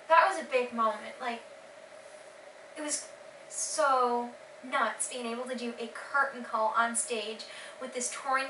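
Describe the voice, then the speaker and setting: A teenage girl casually recounting her day in a vlog, gushing and excited with lots of fillers. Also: high voice, reverberant, recorded from a distance, a little hiss or hum, rough recording. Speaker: vlogger.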